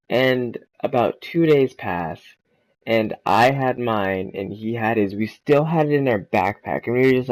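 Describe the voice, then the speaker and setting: A man's voice: medium pitch, dry recording, rough recording. Swearing young man telling a story. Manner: quick, loose and informal, lots of "right?" and "like". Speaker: gaming channel host. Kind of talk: casual storytime vlog.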